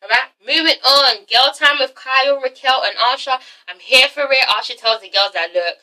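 A sassy woman recaps a TV episode for her viewers, cursing freely. Her voice is high and bright with a sharp edge. She sits a bit back from the mic. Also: moderate pace, recorded from a distance, rough recording. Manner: sassy, swears freely, talks straight to viewers. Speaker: TV episode reviewer. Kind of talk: casual vlog recap.

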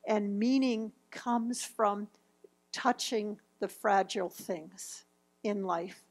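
A woman's voice: mid-range voice, takes it slowly. A woman in her fifties presenting a grief seminar, speaking reflectively as she walks through slides and quotes. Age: 50s.

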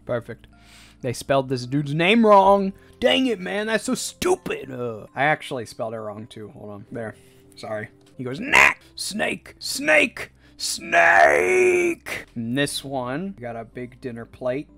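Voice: medium pitch, expressive, moderate pace, dry recording, soft background music. A livestreamer chatting casually to chat while drawing, goofy and laughing often between jokey asides.

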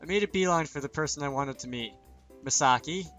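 A man's voice: on the high side, fast, fairly bright tone, soft background music. A man reading a visual novel aloud in first person, dropping joking asides between lines.

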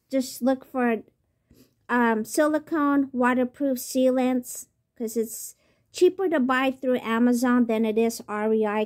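A woman with a fairly high voice talks through product tips in a casual vlog. She is chatty and rambling. She often stops to say um and restarts her sentences. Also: a little mellow. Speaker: vlogger.

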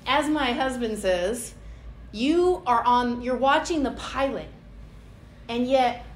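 A woman with a bright, high voice preaches in a roomy church, her sermon loose and chatty. She slips into playful little voices as she acts out everyday prayers. The room rings around her with a faint hum underneath. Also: takes it slowly. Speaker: pastor. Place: church hall.

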